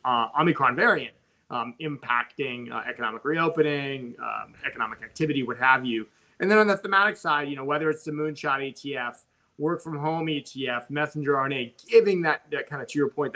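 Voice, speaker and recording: Bright-voiced man on a video call. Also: mid-range voice. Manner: hesitant, many fillers and restarts. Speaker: guest, fund product head. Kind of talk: remote interview answers.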